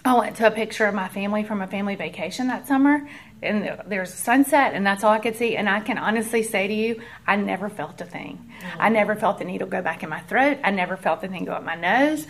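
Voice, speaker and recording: A woman's voice: mid-range voice, fast talker. A woman, earnestly sharing a personal testimony with a church group in a conversational way and acting out the voices of the people in her story.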